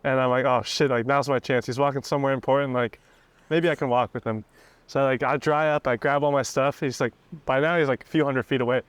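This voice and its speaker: Young man, podcast guest, mid-pitched voice, animated storyteller, laughs between lines. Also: fairly quick, clear, resonant tone, dry recording. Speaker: company CEO, guest. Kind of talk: casual storytelling.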